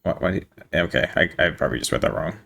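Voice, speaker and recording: A man's voice: low-pitched, fast talker, vocal fry, sharp tone. A young man in casual reaction commentary, reading messages aloud, amused, laughing often and stumbling over words.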